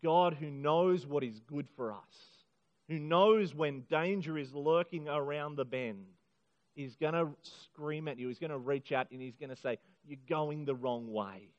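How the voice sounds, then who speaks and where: A middle-aged man preaching a sermon to a congregation, earnest and emphatic, slowing down on key phrases. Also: a little high. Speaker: pastor. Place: church hall. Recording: muffled sound in a hall with long reverb.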